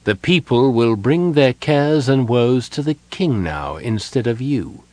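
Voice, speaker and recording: A man voicing a cold, scheming elven wizard advisor in an audiobook, calm and self-assured. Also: medium pitch, measured pace, no echo, close to an everyday voice. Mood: smooth.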